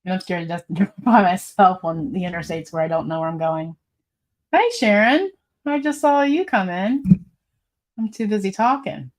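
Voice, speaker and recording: Speaking at a moderate pace in a medium-pitched voice, a female livestream host reads out viewer comments. Her talk is casual and rambling, punctuated by frequent laughter.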